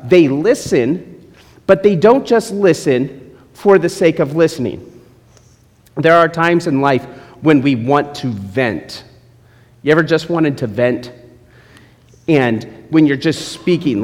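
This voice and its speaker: A man's voice: a little high, darkish tone. A male pastor preaching a sermon, teasing and joking with his congregation between points. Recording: long hall reverb.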